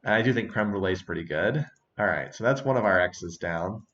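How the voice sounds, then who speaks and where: A man's voice: low voice, animated, brisk, fairly bright tone, highs cut off. A man hosting a strategy game session, chatting casually, thinking aloud and laughing often. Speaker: let's-play host. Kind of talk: casual gameplay commentary.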